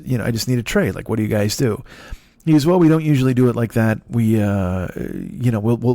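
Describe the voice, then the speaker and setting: A man in his forties, a comedian hosting his own podcast, rambling in a profane, self-deprecating monologue from his dark apartment. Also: mid-range voice, dry recording, studio quality. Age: 40s.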